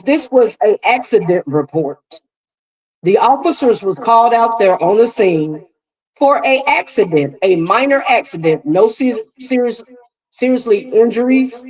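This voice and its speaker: A woman's voice: on the high side, a little mellow, poor audio. A woman hosting live reaction commentary, emphatic and repetitive, speaking straight to her viewers. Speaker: commentary host.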